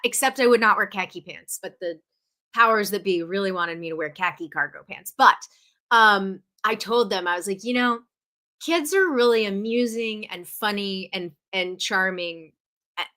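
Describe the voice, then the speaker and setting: A young woman from New Jersey hosting a livestream, chatting casually and telling stories with animated, playful indignation. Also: mid-range voice. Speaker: livestream host. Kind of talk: casual chat.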